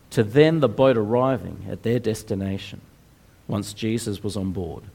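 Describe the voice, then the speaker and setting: Slow, earnest male preacher, mid-pitched, unhurried delivery. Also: a little mellow. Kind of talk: sermon.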